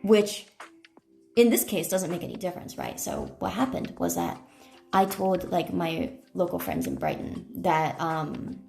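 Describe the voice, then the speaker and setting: A woman's voice: fairly low pitch, wildly swooping pitch, unhurried, creaky, a little mellow, soft background music. A woman streamer chatting casually, telling rambling stories full of fillers and self-corrections. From United States. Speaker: IRL streamer. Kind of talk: casual live-stream chat.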